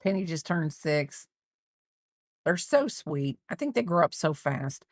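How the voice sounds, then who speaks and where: A woman with a low voice chats casually while crocheting, teasing and fussing over her dog. She rambles and restarts her sentences. The sound is dry and close. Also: very animated, unhurried, no room sound. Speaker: crochet streamer.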